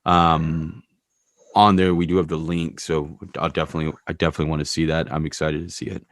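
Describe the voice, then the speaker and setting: A man's voice: extremely low pitch, flat delivery, fairly quick, no echo. A man hosting a podcast, talking candidly in a rambling, casual way and swearing freely. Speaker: podcast host.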